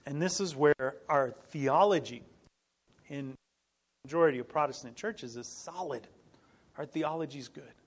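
A middle-aged male pastor delivers a sermon in a higher voice. He teaches earnestly, repeats key phrases for emphasis and breaks into small laughs and restarts along the way. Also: measured pace, pauses often, slightly rough.

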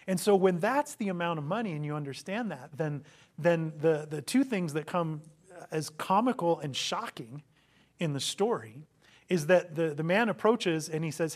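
In a sermon, a man whose voice sits high recounts a parable at a moderate pace. The pastor tells it dramatically, acting out the quotes and asking rhetorical questions.

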